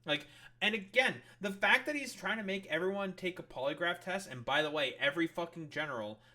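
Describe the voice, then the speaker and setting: Angry swearing male streamer, bright voice. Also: high-pitched, fairly quick. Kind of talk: profane political rant reacting to a clip.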